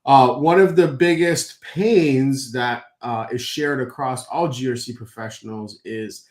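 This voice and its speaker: A man's voice: medium pitch, a little slow, a little mellow. Male co-host talking things through at length, full of fillers, in an echoey room. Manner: rambling, many fillers and restarts. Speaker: co-host, company founder. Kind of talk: explaining at length.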